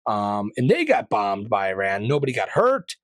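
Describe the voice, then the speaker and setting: A man's voice: fairly low pitch, huge pitch swings, moderate pace, no room sound. A man hosting a podcast, chatting loosely through current events with rambling, opinionated asides and casual slang. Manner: mild profanity, casual slang. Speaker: podcast host. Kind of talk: casual news commentary podcast.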